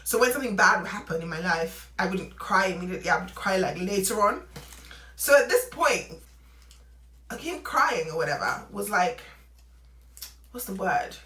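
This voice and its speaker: Young adult woman, casual storytime vlogger, lively and laughing; bright tone, roomy echoey room. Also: mid-range voice, moderate pace, pauses often. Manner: animated, laughing, acts out quotes. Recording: roomy echo, away from mic.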